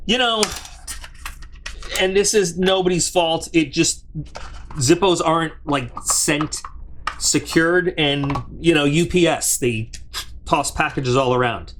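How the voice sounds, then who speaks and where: A man's voice: on the high side, a bit bright. A man hosting a casual unboxing review, rambling and chatty, with plenty of restarts and side remarks, talking straight to his viewers. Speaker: product reviewer and channel host.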